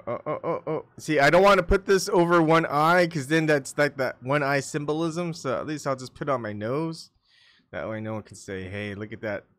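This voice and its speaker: A man hosting a solo livestream, muttering his thoughts and asides to himself, often coughing and clearing his throat, on a desktop microphone at home. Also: medium pitch, a bit bright. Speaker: livestream host. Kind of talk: rambling solo livestream chat.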